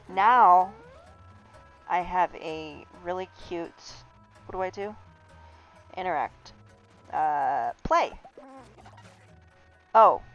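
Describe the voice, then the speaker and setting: A woman's voice: fairly low pitch, a bit bright. A woman game streamer giving chatty, rambling, giggly commentary live. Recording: slightly dull stream audio with faint game music.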